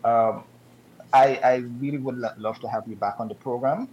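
A man hosting a talk show, speaking in a measured way with frequent ums, over dull, lo-fi broadcast audio. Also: mid-range voice, fairly even intonation, a little hiss or hum. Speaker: radio talk show host.

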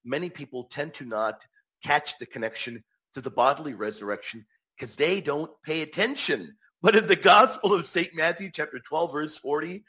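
A man's voice: on the high side, expressive, moderate pace, sharp tone, husky. A man answering viewer questions on faith in a casual live talk, emphatic and repeating his key phrases.

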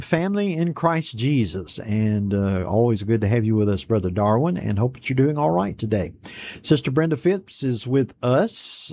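A man hosts a Bible study broadcast, reading each viewer's greeting aloud and then answering it in a relaxed, folksy way. His voice is dark and mellow. His pitch sits in a middle range. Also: dry recording. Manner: folksy and unhurried, reads messages aloud then chats back. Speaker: host of an online Bible study program.

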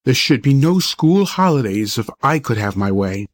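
A man's voice: medium pitch, big pitch swings, moderate pace. A man voicing a pompous, irritable old doctor who talks in a stern, lecturing way. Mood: scolding.

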